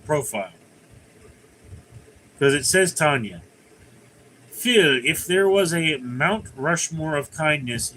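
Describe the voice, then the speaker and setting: On this rough recording with a little hiss or hum, a livestream host with a high-ish, fairly bright voice reads out viewer comments and replies in a loose, rambling way.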